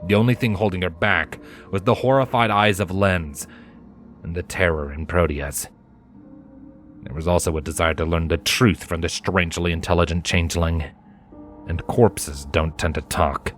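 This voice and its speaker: A man reading fan fiction aloud in a measured, dramatic narration. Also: sits low, fairly even intonation, a bit bright. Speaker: fanfiction reader. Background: faint background music.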